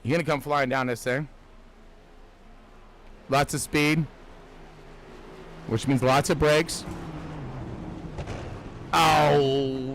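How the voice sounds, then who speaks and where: A man giving casual, jokey sim racing commentary who gets excitable and shouts when cars crash. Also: medium pitch, drawn-out words, long pauses, slight background noise, rough recording. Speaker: race commentator.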